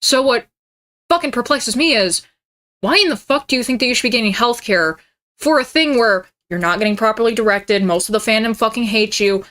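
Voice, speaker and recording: A woman in her twenties rants through a profane, mocking reaction commentary. Her voice sits a bit high and sounds bright and sharp. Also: fairly quick. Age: 20s. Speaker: streamer.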